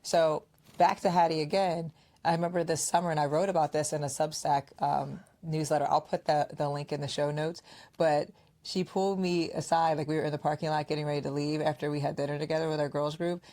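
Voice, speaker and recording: A woman's voice: low voice, a little fast. A woman co-hosting a podcast, chatting casually and telling stories, acting out what her friends said. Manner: animated storyteller, acts out quoted friends. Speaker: podcast co-host. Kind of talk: casual conversational podcast chat.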